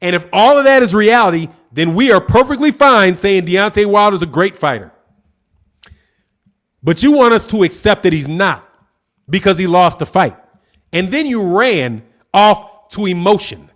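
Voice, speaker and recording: A high-pitched man rants on a live boxing stream. His pitch swings widely as he mocks and argues with viewers, reading out their super chats between jabs. The delivery is loose, combative and confrontational. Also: lively intonation, normal speed, fairly bright tone. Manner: combative, mocking, trash-talking. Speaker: boxing channel host.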